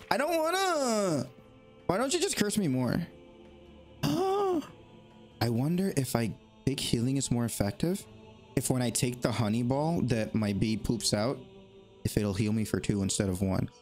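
A man playing a video game and commenting as he goes, excitable and talking to the game, with sudden high yelps when he panics. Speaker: gaming YouTuber. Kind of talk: let's play commentary.

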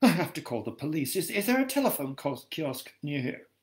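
A man reading a story aloud, voicing a distraught ghostly woman who shouts frantically that her home and belongings are gone. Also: a little high, sing-song, brisk. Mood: flustered.

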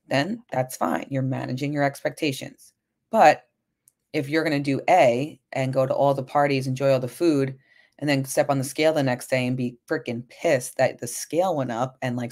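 A woman's voice: rumbling low, darkish tone. A woman lifestyle coach hosting a solo podcast, talking frankly and casually, often checking in with "right?". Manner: chatty, frank, frequent "right?" and swearing.

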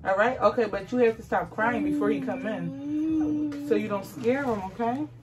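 Chatty young mom vlogging to viewers. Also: female voice, fairly high pitch, moderate pace, over loud music. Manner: chatty, talks straight to viewers, coaxes her child. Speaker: vlogger and mother. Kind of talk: casual family vlog.

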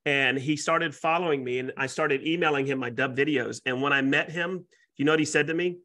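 A man, a realtor and YouTuber, pitching as a guest speaker on a webinar with excitable, salesy energy and folksy exaggeration. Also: fairly quick. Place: Florida.

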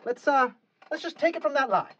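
A woman's voice: high voice, animated, a little fast, dull audio. A woman directing a recording session, exasperated and correcting the singer again and again.

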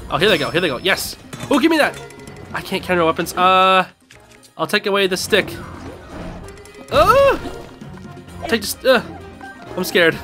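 A gaming host giving excitable let's-play commentary, reacting aloud and talking to on-screen enemies. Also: mid-range voice.

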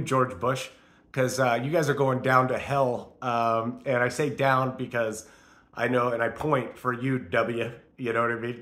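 A man's voice: mid-range voice, a bit bright. A man recording a rambling, defiant spiritual rant on his phone camera, swearing heavily as he talks. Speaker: vlogger.

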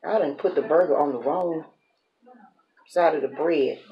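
A woman with a low voice chats casually to the camera while grilling a burger in her home kitchen, a mukbang cooking vlogger talking herself through each step and laughing at her own slips. She keeps a moderate pace. The recording is muffled, with a little hiss or hum.

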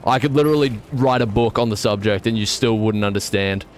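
Excitable young man streaming a game. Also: lowish voice, brisk, a little hiss or hum. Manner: excitable, jokey, self-mocking banter. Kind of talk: live gameplay commentary.

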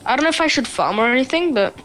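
A woman's voice: high-pitched, animated, fast talker, fairly bright tone, a little hiss or hum. A woman streaming a video game, chatting casually and thinking aloud as she plays. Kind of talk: casual gaming chat.

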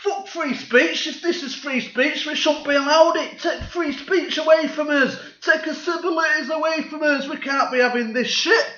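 Man doing furious swearing public, high bright voice, echoey room. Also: normal speed, hardly any pauses. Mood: outraged. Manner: ranting, swearing, indignant. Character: angry mob of British public, male. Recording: echoey room, dull lo-fi sound.

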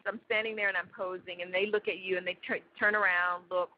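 A woman's voice: on the low side, flat delivery, fast. A woman guest in an interview, telling a vivid story with many fillers. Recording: dull lo-fi audio.

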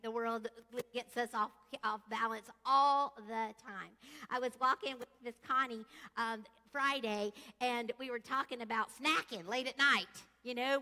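A woman preaching a casual, chatty sermon in a church sanctuary, leading her congregation through prayer and questions. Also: a little high. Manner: chatty, animated, leads call-and-response singing. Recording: echoey church hall.

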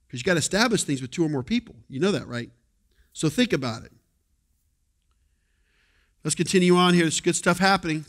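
A male pastor preaching a sermon in a conversational way, moving between quiet asides and loud exhortation. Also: on the high side. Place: church sanctuary.

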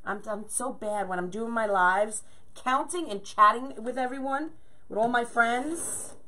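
A woman with a fairly high voice hosts a casual crafting livestream. She chats with viewers, greets each one by name and counts her pieces aloud as she works, in a friendly, easygoing way. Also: a little slow, sharp tone. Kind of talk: chatty livestream while crafting.

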